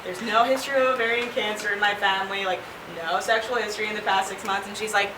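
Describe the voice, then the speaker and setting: A woman's voice: medium pitch, fast talker, few pauses, very noisy. A young woman doing stand-up comedy, telling a story with lots of laughing and acting out the people in it. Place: comedy stage before a laughing audience. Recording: echoey room, mic far off, loud crowd.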